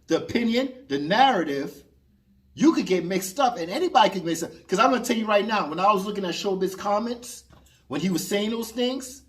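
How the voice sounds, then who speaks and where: Male vlogger, opinionated boxing commentary, expressive up-and-down delivery, emphatic. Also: sits high. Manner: animated, emphatic, argues with an imagined listener.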